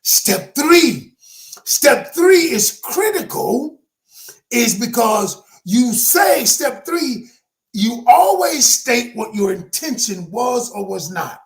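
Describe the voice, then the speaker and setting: A man's voice: extremely high pitch, big pitch swings, slow, a bit bright. A man speaking as a communication coach, teaching in an emphatic, preacher-like motivational style, often raising his voice.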